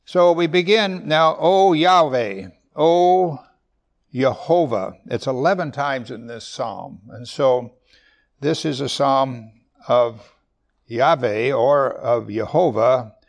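A man teaches a sermon in a gravelly voice, reading scripture slowly and with rising force. Between the verses he drops into quick, quiet asides and brief chuckles. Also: medium pitch. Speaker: pastor.

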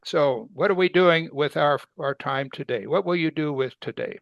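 A man's voice: fairly high pitch, moderate pace, gravelly, dry recording, lo-fi sound. A man preaching a conversational sermon, asking rhetorical questions and acting out quoted voices. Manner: acts out quoted speakers with sudden loud excited bursts. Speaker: Bible teacher.

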